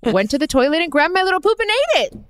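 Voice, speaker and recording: A woman's voice: extremely high pitch, sing-song, quick pace, fairly bright tone. A woman hosting a podcast, telling a family story in a casual, chatty way and laughing often. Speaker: podcast host. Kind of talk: casual chat.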